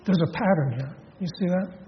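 A man's voice: sits high, fairly quick, a little hiss or hum. A man preaching a sermon in a conversational way, asking his listeners questions and often restarting with fillers. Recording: dull audio in a reverberant hall.

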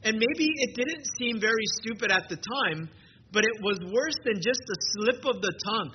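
High-voiced man preaching a sermon. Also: lively intonation. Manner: earnest, emphatic preaching with slow stressed phrases. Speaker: pastor. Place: church service. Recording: dull lo-fi with clear hiss.

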